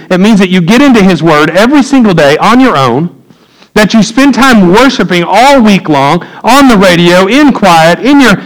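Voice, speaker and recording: A man, preaching a sermon in a church, swinging from loud emphatic peaks to low quiet asides. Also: low-quality recording. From United States. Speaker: pastor. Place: church sanctuary.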